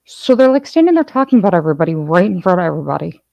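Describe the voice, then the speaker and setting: A woman's voice: on the low side, very animated, very fast, creaky, a little mellow. A woman host in casual chat, telling a rambling story full of restarts. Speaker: channel host.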